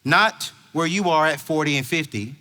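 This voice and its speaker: Man telling a story on stage, tense bright voice, dramatic and animated. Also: fairly high pitch, moderate pace. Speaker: youth pastor and motivational speaker. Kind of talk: motivational storytelling talk.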